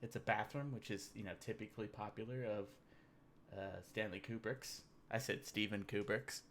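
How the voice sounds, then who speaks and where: A man hosting a loose, rambling livestream, cracking jokes as he goes through memes with a beer in hand. His voice is bright and sharp, with a chatty and offhand delivery. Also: fairly low pitch, steady tone, normal speed, slight background noise. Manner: rambling, joking, drinking beer. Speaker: livestream host. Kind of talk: casual livestream meme commentary.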